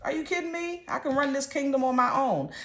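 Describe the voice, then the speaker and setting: A woman's voice: sits high, fairly quick, voice pushed up, natural voice. A woman voicing a proud, defiant king who needs no one, with a sassy, dismissive delivery, in a roomy recording. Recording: roomy echo.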